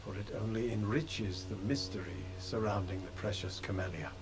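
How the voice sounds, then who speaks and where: Male actor as a low-voiced courtly romantic gentleman in a game, music under. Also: moderate pace, lightly acted. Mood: gracious. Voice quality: formal, genteel. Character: romantic, bookish gentleman patient, gracious. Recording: game audio with music behind.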